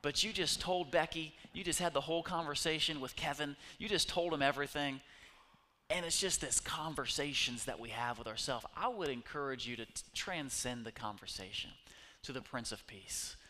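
A man preaching a sermon as pastor, his delivery swinging from hushed whispers to loud, urgent bursts. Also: fairly high pitch, normal speed, big-room sound.

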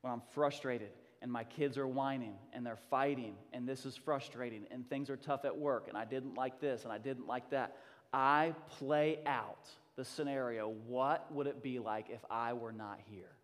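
A man in his thirties preaching a sermon as a pastor, impassioned and emphatic, dropping to a hush and then rising loud again. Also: medium pitch, normal speed. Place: church sanctuary. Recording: long hall reverb.

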